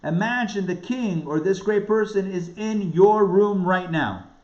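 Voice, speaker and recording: A man with a slightly raised voice teaches a spiritual text, and he leans hard into each point with an animated, emphatic manner. He repeats words to drive them home. The sound is roomy and a little dull, like a lo-fi room recording. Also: high voice, unhurried. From New York area. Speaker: rabbi teaching a class. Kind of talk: lively lecture on a spiritual text.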